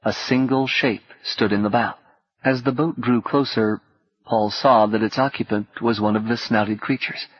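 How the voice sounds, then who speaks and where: Guy reading a novel aloud, steady and even, muffled old tape, dead dry sound. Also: medium pitch, moderate pace, husky, no echo. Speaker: audiobook narrator. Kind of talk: scripted narration. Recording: dull, dry cassette audiobook.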